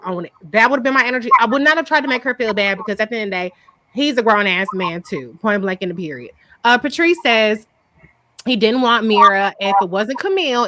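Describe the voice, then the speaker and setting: A woman's voice: mid-range voice, sharp tone. A woman hosting a live show recap, talking in a blunt, profane, casual way and laughing often. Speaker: host.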